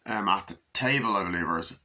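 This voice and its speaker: A man talks through a film in a casual, meandering way, his low-set voice sounding bright and forward. He swears freely, leans on fillers, and keeps slipping into quick impressions of the characters. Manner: loose and profane, full of fillers, acts out quotes. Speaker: movie reviewer. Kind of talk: casual rambling movie review.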